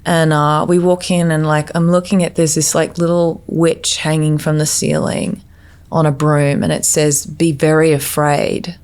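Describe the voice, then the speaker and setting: Woman, podcast guest; deep, fry-edged voice; halting personal storytelling full of restarts. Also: darkish tone.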